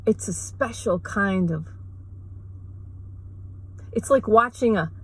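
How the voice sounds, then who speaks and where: A woman vlogger ranting sarcastically in a rambling, mocking way, with quick asides. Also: medium pitch, breathy edge, rough recording. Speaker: mother. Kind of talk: sarcastic comedic rant.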